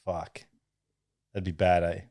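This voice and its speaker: A man's voice: sits low, little pitch movement, slow pace, dark tone, no echo. A young man co-hosting a podcast, chatting casually with lots of swearing and laughter. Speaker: podcast co-host. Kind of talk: casual banter.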